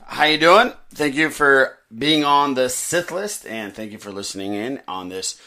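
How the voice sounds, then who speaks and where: A man hosts a casual podcast, rambling loosely and joking with fillers. His voice is bright and forward, a little hoarse, at a middling pitch. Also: unhurried. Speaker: podcast host. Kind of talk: casual chat.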